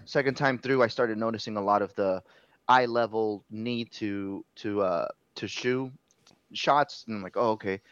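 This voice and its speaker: A man's voice: fairly low pitch, unhurried, a bit bright, smooth, dry recording, highs cut off. A man co-hosting a podcast, gushing about a movie he loves, emphatic and swearing in casual chat. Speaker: podcast co-host.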